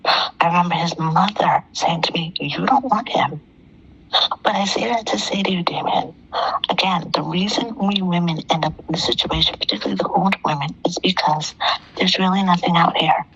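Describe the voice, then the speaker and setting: A woman's voice: lowish voice, fairly even intonation, a little fast, a bit bright, breathy edge, lo-fi sound. A middle-aged woman calling in to a talk show, telling a personal story in an emphatic way and repeating phrases for effect. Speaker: caller.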